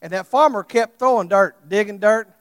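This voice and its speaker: A male pastor preaching a sermon, swinging from loud impassioned calls to quiet storytelling. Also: high-pitched, normal speed, long reverb tail.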